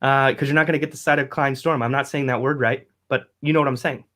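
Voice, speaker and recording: A man's voice: mid-range voice, steady tone, fast talker, bright, forceful tone. A man, hosting a casual live-stream podcast, rambling, cursing and laughing often as he reads out viewer comments. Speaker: podcast host.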